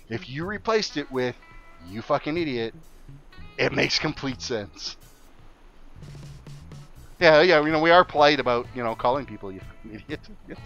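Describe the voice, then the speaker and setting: A man's voice: medium pitch, a bit bright, dull audio. A man from Alberta, chatting casually and joking while streaming a game and reading out viewer messages. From Canada, Alberta. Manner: joking, chatty, reads viewer chat aloud. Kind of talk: casual gameplay chat. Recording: faint game music behind.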